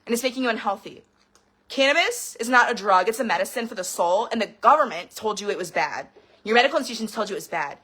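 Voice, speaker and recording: A woman's voice: medium pitch, expressive, fast, bright, forceful tone, breathy edge. A woman in her thirties ranting to camera in a heated personal vlog, swearing freely and veering between laughter and tears. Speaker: vlogger. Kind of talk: emotional personal rant to camera.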